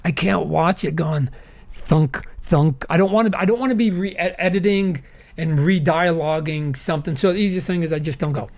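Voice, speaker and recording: Animated high-voiced man chatting as guest. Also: normal speed, vocal fry. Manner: animated, self-interrupting, groans in disgust. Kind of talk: casual podcast chat.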